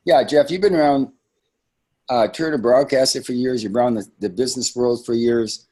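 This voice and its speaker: A man's voice: mid-range voice, fairly quick, a little mellow. A man hosting a live sales training call for his team, talking in a conversational, emphatic way with frequent asides.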